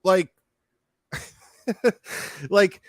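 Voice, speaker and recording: Streamer, male, high-pitched for a man, swearing rant, dry close sound. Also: expressive, extremely slow, no echo. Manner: profane, heated, talks straight to chat. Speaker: streamer commenting on a video. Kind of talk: casual ranting commentary.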